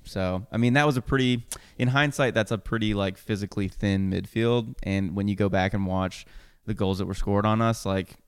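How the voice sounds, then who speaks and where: Podcast co-host, male, low and smooth, loose self-correcting delivery, dry close mic. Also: normal speed, no room sound. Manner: rambling, self-correcting, laughs often. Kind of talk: casual chat.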